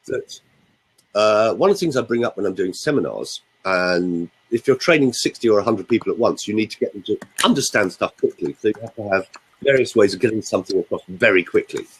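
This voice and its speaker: A man's voice: fairly low pitch, expressive, a little fast, slight background noise, poor audio. An older man, a voice coach explaining and demonstrating voice technique in a theatrical way on a radio show. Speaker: voice coach guest.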